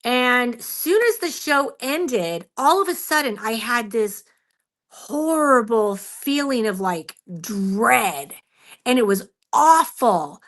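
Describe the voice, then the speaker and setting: This is a woman guest on a radio show, recounting a story with lively, expressive energy. Her voice is fairly high and very bright, and she laughs often as she talks. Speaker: Bigfoot researcher guest.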